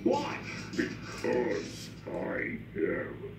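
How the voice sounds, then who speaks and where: A man's voice: mid-range voice, huge pitch swings, drawn-out words, creaky, exaggerated voice. An actor playing a cold, threatening male servant warrior in a clip from a web series. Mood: menacing. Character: menacing deep-voiced male servant warrior. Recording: roomy clip with loud music.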